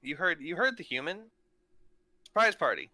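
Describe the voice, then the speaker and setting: A man's voice: fairly high pitch, big pitch swings, moderate pace, sharp tone, no echo, voice pushed up, full character voice. Man playing a bluffing adventurer, stumbling. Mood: persuasive. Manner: pleading, persuasive, stumbling over words. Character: fast-talking male adventurer bluffing a guard.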